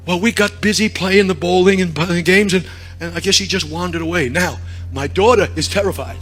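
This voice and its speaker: Animated high-voiced preacher. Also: male voice, a little fast, breathy edge, faint music behind. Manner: animated, shifts from hushed to shouting. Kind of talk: storytelling sermon.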